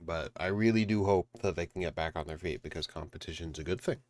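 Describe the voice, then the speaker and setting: Man, low voice, dry close sound, emphatic casual ranting, streamer eating dinner. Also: fast talker, darkish tone, dry recording. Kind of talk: casual chat reacting to a video.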